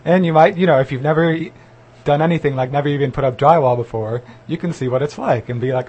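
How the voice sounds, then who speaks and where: A man's voice: a little high, quick pace, a little mellow, breathy edge, highs cut off. A man co-hosting a community radio show, bantering playfully and laughing often. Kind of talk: casual radio chat.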